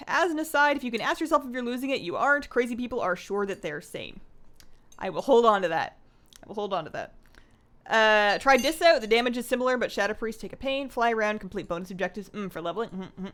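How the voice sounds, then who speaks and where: A woman's voice: fairly high pitch, expressive, fast talker, a bit bright. A young adult woman from Canada, chatting casually while streaming a game and reading viewer comments aloud. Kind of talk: casual livestream chat while gaming.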